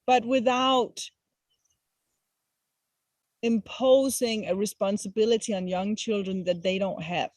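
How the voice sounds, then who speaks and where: A woman's voice: medium pitch, fairly even intonation, slow, long pauses, a little mellow, no room sound. A woman, a traveling mother, explaining her family's approach in a firm, earnest way during a casual interview. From Denmark.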